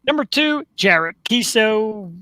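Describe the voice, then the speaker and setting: Bright dry-voiced joking male host. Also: high-pitched, animated, slow, no echo. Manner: joking, self-deprecating, announcer-like. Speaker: talk show host. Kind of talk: live online talk show.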